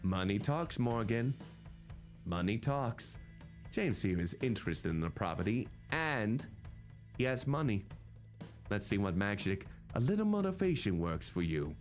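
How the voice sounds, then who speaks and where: A man voicing a smug, menacing rich developer who talks low and slow. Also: very animated, soft background music.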